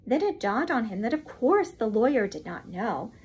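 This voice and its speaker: A woman reading a classic mystery novel aloud at a steady, expressive pace. Her voice is fairly high with a husky, slightly breathy texture. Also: normal speed. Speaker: reader. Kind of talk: audiobook narration.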